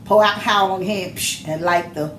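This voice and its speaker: A woman's voice: medium pitch, steady tone, a little fast. A middle-aged mother talking on a podcast in an emphatic, preachy storytelling manner. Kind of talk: casual chat. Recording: echoey room with noise.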